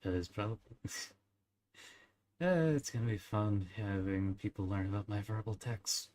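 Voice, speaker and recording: A young man with a slightly low voice chats loosely with his stream audience. He rambles, giggles often and fills pauses with little sounds and "uh"s. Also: a little mellow. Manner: rambling, giggly, many fillers and small verbal tics. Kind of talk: casual chat with live chat.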